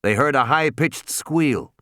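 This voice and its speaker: A man giving an energetic, lively audiobook narration. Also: mid-range voice, measured pace, no room sound, clean studio sound. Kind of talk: scripted narration.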